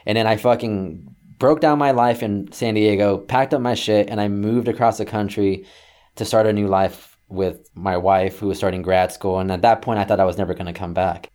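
A young man telling a story casually, swearing a lot and acting out shouted quotes. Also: on the low side, moderate pace. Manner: profane, animated, acts out yelling quotes.

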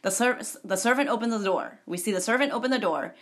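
A woman casually retelling a movie, rambling and animated and adding her own sound effects. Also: fairly high pitch, fast.

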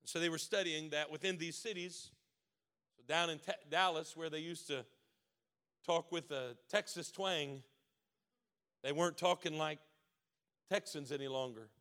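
A man preaching a sermon with a Baltimore accent, building to loud emphatic preaching. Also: fairly high pitch, steady tone, normal speed. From Maryland. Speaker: pastor.

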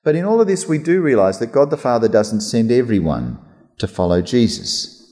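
A man preaching a conversational sermon as pastor, lively and chatty, slipping into mock voices. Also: medium pitch, moderate pace. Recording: long hall reverb.

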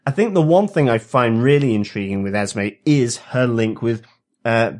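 A man's voice: medium pitch, normal speed, a little mellow. Hesitant man co-hosting a podcast. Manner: hesitant, many fillers and restarts. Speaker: podcast co-host. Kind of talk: casual review chat.

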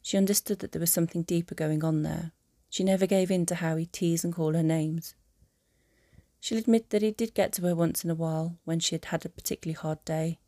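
A woman narrating a fan audiobook in a calm, even storytelling manner. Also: fairly low pitch, a little fast, dry recording, studio quality.

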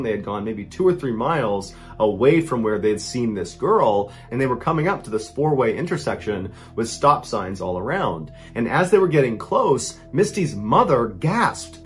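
A man narrating true scary stories, dropping his voice low for tense moments and rising sharply for panic. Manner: dramatic, hushes low for tense parts and rises for panic. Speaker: storyteller.

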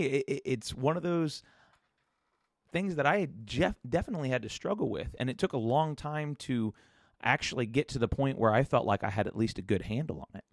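A man's voice: medium pitch, no echo, studio quality. A man hosting a solo podcast episode, talking in an earnest, reflective way and often restarting his sentences. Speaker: podcast host.

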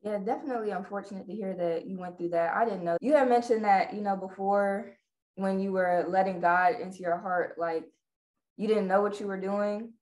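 A woman interviewing a guest, asking gentle questions and making soft back-channel murmurs. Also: medium pitch, fairly even intonation, moderate pace, low-quality recording.

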